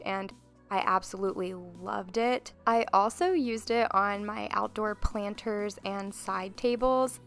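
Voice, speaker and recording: Female vlogger, voice-over, creaky fry, gushing and upbeat. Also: medium pitch. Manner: enthusiastic, gushing. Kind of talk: voice-over narration.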